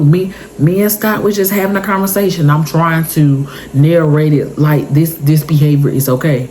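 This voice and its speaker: A woman's voice: sits low, fairly even intonation, normal speed, dark tone, a little hiss or hum, rough recording. A woman in her thirties, telling an intense personal story for her vlog in an emotional, repetitive way. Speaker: vlogger. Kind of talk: story time monologue.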